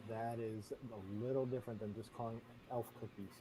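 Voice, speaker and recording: A man's voice: on the low side, steady tone, brisk, mellow. A man hosting a casual chat, playful, throwing out bold opinions and laughing often. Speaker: host.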